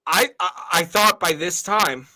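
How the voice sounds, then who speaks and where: High-voiced and unhurried, with a sharp tone, a young channel host in his twenties addresses his viewers in a casual monologue. He's emotional and tearing up, speaking earnestly and asking "all right?" again and again.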